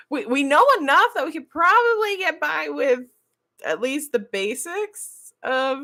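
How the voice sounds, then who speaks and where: A woman's voice: high-pitched, slow pace. A woman in casual chat, telling a story with lots of laughter and quoted lines. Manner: animated storytelling, laughs often, quotes herself. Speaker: podcast host.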